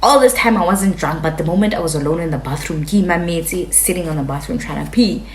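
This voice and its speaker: A young woman telling a story to camera in a casual, animated way, cursing freely. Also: fairly low pitch, fast talker, slight background noise. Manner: animated, chatty, swears freely, acts out quotes. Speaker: vlogger. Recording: echoey room.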